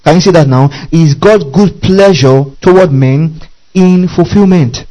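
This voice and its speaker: A man's voice: fairly high pitch, unhurried, warm tone, muffled recording. A male preacher teaching from scripture, often checking that the congregation is following and spelling out Greek words. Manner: teaching verse by verse, repeatedly asking the congregation if they follow. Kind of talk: sermon.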